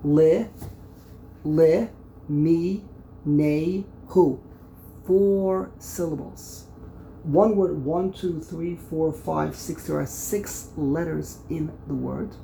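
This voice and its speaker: A man teaching a Bible lesson on commentaries, thinking aloud, repeating words as he explains and sounding out syllables with loud stress. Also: fairly high pitch, steady tone, slow, gravelly, slight background noise, rough recording. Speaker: Torah teacher.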